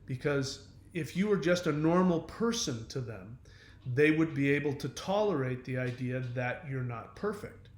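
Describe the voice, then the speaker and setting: A man's voice: a little high, expressive, normal speed, reverberant. A man hosting his own channel, talking through relationship advice in a casual, earnest monologue full of fillers and restarts. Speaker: self-help channel host.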